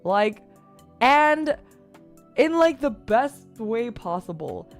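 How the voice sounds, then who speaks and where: Animated young woman streamer, swearing freely. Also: fairly high pitch, drawn-out words, faint music behind. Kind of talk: casual storytelling chat.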